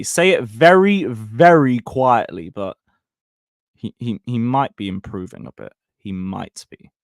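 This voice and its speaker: A man's voice: medium pitch, fairly bright tone, no room sound, clean studio sound. A young man giving a blunt, sweary, rambling live review of a football match and reading viewer comments. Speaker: football fan channel host.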